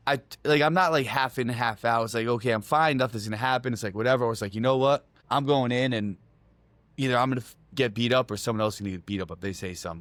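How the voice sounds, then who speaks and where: A man's voice: medium pitch, a bit bright, no room sound. A middle-aged man co-hosting a podcast in casual chat, telling stories with lots of swearing and acting out his own quotes. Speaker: podcast co-host.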